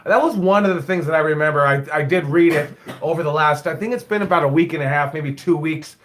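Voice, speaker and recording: A man's voice: a little high, fast talker, a bit bright, slight background noise. A man in his forties, a wrestling coach, rambling bluntly and swearing freely in a casual live stream. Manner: blunt, profane, rambling storyteller. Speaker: wrestling school owner and head coach.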